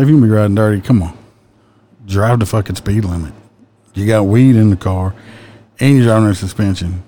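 A man's voice: low-pitched, dark tone, slight background noise. A man, a police officer who casually tells stories in a blunt, profane way. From American South. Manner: blunt and profane, with an easy drawl. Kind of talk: casual storytelling.

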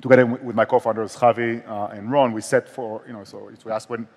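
A man's voice: medium pitch, steady tone, fast, darkish tone. A man with an Israeli accent, a startup founder speaking candidly on a conference stage, with frequent restarts. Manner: candid, self-deprecating, many restarts. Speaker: startup co-founder and CEO, guest. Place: conference stage in a large hall. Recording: long hall reverb.

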